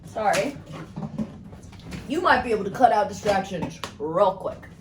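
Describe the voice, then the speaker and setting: Excitable woman doing a tarot reading, rambles a lot, echoey room. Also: medium pitch, a little slow, noisy background. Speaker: tarot reader. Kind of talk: casual tarot card reading.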